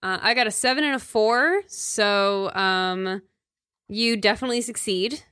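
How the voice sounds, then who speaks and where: A woman runs a tabletop game with a bright, crisp voice. She halts on fillers and laughs easily. The sound is dry and close. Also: medium pitch, unhurried, no room sound. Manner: hesitant, lots of fillers and laughter. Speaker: game master.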